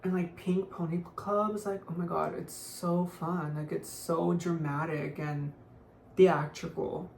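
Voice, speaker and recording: With vocal fry and a slightly mellow quality, this young woman's fairly low voice keeps a fairly even intonation at a measured pace. As a beauty vlogger, she gives chatty, offhand makeup tutorial talk full of "like" fillers. An echoey room and faint hiss color the sound.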